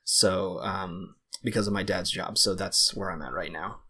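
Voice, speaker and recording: A young man from the United States guesting on a casual podcast, his voice sitting on the low side. He answers in an easygoing, measured way, pausing to think. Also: steady tone, bright, forceful tone, breathy edge. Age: 20s. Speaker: guest filmmaker. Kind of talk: casual interview chat.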